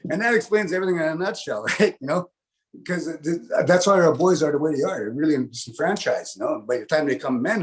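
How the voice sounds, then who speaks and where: High-voiced man doing folksy stand-up. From Canada. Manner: folksy, animated, acts out loud laughter; tags lines with "eh?". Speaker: stand-up comedian. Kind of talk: stand-up comedy.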